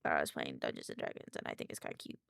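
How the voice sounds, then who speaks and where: A woman streamer chatting casually and excitably on a live stream, often answering her chat, into a desk microphone. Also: a bass voice, rapid-fire, creaky, clear, resonant tone, no room sound, studio quality.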